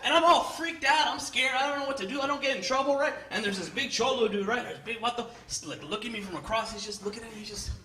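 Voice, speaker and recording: On a comedy club stage before a live audience, a stand-up comedian in his thirties delivers an animated set, hitting loud punchlines and sprinkling in Spanish words. His voice is extremely high and fast with few pauses, and the echoey room carries crowd noise.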